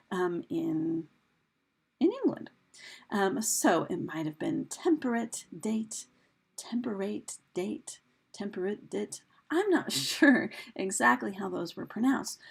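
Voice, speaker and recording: An English teacher talks through a recorded lesson over slides, her mid-range voice gravelly with a breathy edge. She's chatty, using fillers and putting questions to her students.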